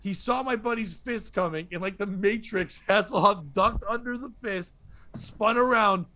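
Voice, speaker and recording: A comedian telling a rowdy story on a podcast, laughing through it. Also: male voice, high voice, moderate pace, bright, forceful tone. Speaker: comedian guest.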